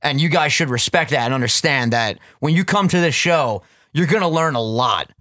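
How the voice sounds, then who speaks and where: A man's voice: on the high side, expressive, moderate pace, sharp tone, dry recording, studio quality. A young man co-hosting a casual podcast, joking around in playful banter. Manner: joking, playful, drops into goofy voices. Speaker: podcast co-host. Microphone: studio headset.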